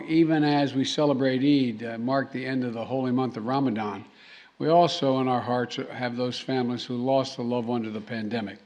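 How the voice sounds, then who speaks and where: Inside a formal reception hall, a man speaking as president delivers a speech marked by halting delivery, repeated words, and trailing restarts. He adds joking asides for the audience. His voice is medium in pitch and darkish in tone, with the high frequencies missing.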